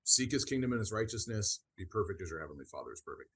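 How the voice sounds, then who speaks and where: A man with a low, husky voice talks through spiritual ideas on a podcast. He is earnest and often restarts his sentences as he explains. It sounds like an unhurried conversational teaching. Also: big pitch swings, a bit bright. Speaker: podcast co-host.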